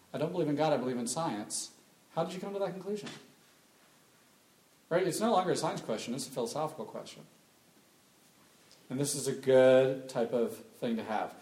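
A man speaking to a live audience, animated and emphatic, firing off rhetorical questions and repeating key points. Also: fairly high pitch. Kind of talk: live talk with call-and-response. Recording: echoey room.

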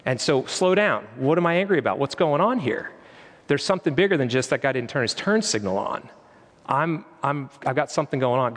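A man's voice: mid-range voice, lively intonation, a little fast, fairly bright tone, in a large hall. A man preaching a sermon in an earnest, conversational way, now and then quoting prayers aloud. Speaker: pastor.

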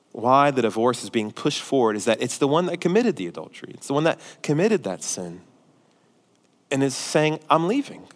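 A male pastor preaching a sermon, forceful and emphatic at times and quiet and pastoral at others. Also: medium pitch. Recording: long hall reverb.

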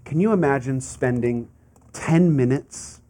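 A man's voice: mid-range voice, a little slow, dark tone. A man preaching a sermon in a conversational way, asking the congregation rhetorical questions and building to fervent emphasis. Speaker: pastor.

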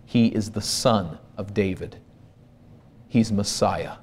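A man from Minnesota preaching a sermon as pastor, slow and deliberate, building to loud emphasis. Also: on the low side, a little hiss or hum.

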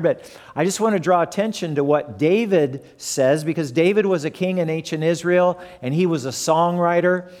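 A man delivers a conversational sermon, turning to his listeners with questions as he goes. His voice sits a touch high for a man, and it rings out with a long reverb from the church hall around him. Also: a little mellow. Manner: conversational, asks the audience questions. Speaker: pastor.

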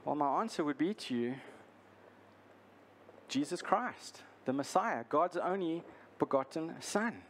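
A male pastor preaching a sermon, earnest and deliberate, repeating his key lines for emphasis. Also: on the high side, animated, a little hiss or hum.

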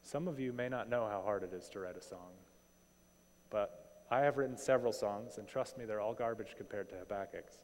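A man preaching a sermon in a conversational, animated way, often asking rhetorical questions. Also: fairly low pitch, brisk. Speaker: pastor. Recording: long hall reverb.

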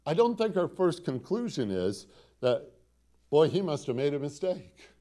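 Slow, emphatic preaching man. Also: on the high side, sing-song, dark tone. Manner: dramatic, quotes scripture with rising emphasis and repetition; asks the congregation rhetorical questions. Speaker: pastor. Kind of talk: sermon.

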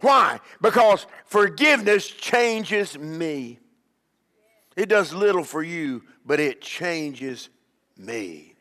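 A man's voice: on the high side, lively intonation, slow, sharp tone, long reverb tail. A man preaching as a bishop, emphatic, with call-and-response and repeated questions to the congregation. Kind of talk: sermon.

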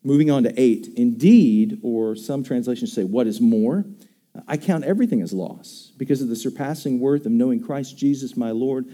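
A man preaching a sermon in a very dark, mellow voice. He talks with emphasis and keeps putting questions to his congregation. His tone is conversational. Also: mid-range voice, normal speed. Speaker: pastor.

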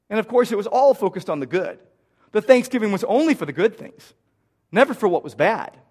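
A middle-aged pastor from the United States preaching a sermon, earnestly repeating key phrases for emphasis. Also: male voice, sits high.

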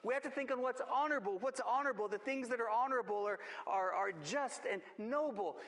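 A man's voice: extremely high pitch, a little fast, a bit bright. A man preaching a sermon as a pastor, emphatic, repeating his key phrases. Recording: long church reverb.

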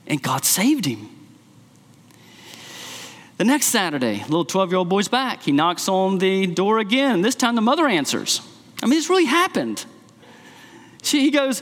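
Brief: a male pastor preaching and storytelling, with a high voice and a long hall reverb. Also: normal speed. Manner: storytelling, with animated acted quotes. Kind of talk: sermon.

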